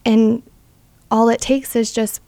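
A woman's voice: on the high side, little pitch movement, slow pace, mellow, no echo. A young adult woman sharing a personal faith testimony as an interview guest, earnest and full of "like" fillers.

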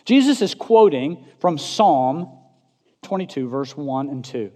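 A man preaching a sermon with passion, swinging from loud, rising declarations to hushed, intense lines. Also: on the high side, lively intonation, slow. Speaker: pastor. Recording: long hall reverb.

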